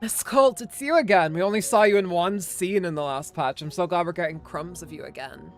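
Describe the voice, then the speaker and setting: A young woman streaming a game, excitable and laughing, with casual swearing. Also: fairly low pitch, a little fast. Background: game music.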